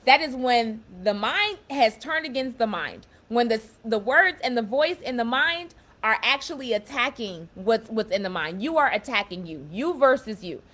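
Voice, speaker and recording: A young woman with a fairly high voice gives a casual motivational talk to her viewers. She speaks with warm emphasis and repeats or restarts phrases as she works through her points. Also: lively intonation, normal speed, few pauses. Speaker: self-empowerment speaker.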